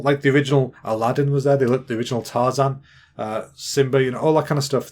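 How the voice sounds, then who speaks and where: English man, 30s, podcast host; relaxed rambling storyteller, quick with jokes. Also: medium pitch. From England. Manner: rambling, chatty, jokey. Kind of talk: casual storytelling monologue.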